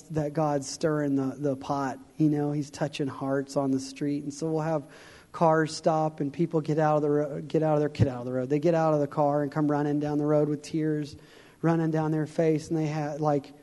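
Male guest preacher, mellow voice, earnest storytelling, long hall reverb. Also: fairly high pitch. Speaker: guest speaker. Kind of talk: sermon. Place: church.

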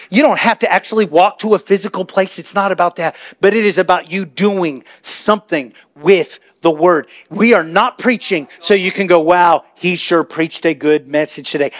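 A man preaching a sermon as pastor, talking to the congregation in a chatty way and building to impassioned shouts. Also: high-pitched. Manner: impassioned, rising to shouts, conversational asides to the congregation. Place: church sanctuary.

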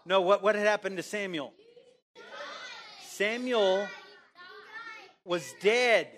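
A man preaching a sermon in church, animated and casual, asking the congregation questions and answering them himself. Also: sits high, takes it slowly, slight background noise. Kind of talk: interactive sermon.

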